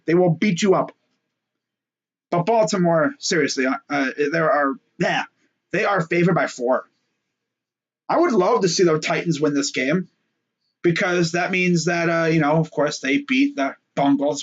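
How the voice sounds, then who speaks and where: Young male sports host, slightly high, loose and jokey, muffled home-mic sound. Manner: joking, rambling, fillers and trash talk. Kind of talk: casual solo sports talk.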